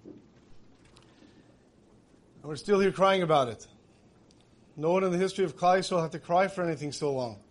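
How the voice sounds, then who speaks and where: A man's voice: sits high, normal speed, pauses often. A man giving a conversational sermon, asking rhetorical questions and weaving in many Hebrew terms. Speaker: religious speaker.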